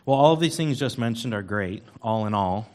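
A man's voice: fairly low pitch, expressive, fairly quick, darkish tone. A man giving a casual, rambling sermon in a church, self-deprecating and full of ums and uhs. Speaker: lay preacher at church service. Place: church sanctuary.

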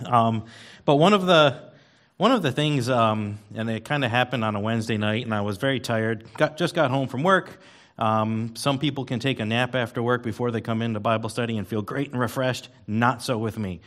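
A man's voice: medium pitch, normal speed, fairly bright tone. A man giving a casual, rambling sermon in a church, self-deprecating and full of ums and uhs. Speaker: lay preacher at church service. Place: church sanctuary.

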